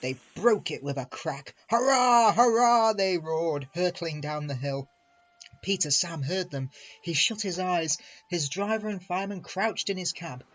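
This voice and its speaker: A man reading a children's railway storybook aloud in a measured, expressive way. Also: a little high, highs cut off. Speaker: reader. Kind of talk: storybook narration.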